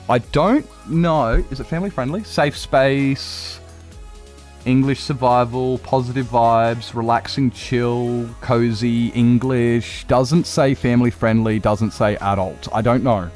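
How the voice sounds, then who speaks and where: A young Australian man chats loosely through a live game stream, rambling from one thought to the next. He is blunt and swears without a second thought, at an ordinary middle pitch. Soft music hums quietly behind him. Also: unhurried. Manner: rambling, blunt, swears freely, chatty with viewers. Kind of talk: casual live-stream chat.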